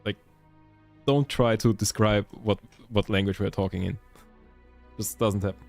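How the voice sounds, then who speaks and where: A man's voice: lowish voice, steady tone, moderate pace, gravelly, a little mellow, soft background music. A young man from Germany with a German accent, chatting casually with stream viewers and rambling with many self-corrections. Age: young adult.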